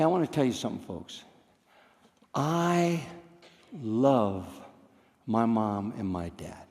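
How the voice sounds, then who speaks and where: A man's voice: mid-range voice, darkish tone. Older man telling wry stories on stage. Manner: wry, understated humor. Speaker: storyteller comedian. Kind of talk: live stage storytelling. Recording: long reverb of a theater hall.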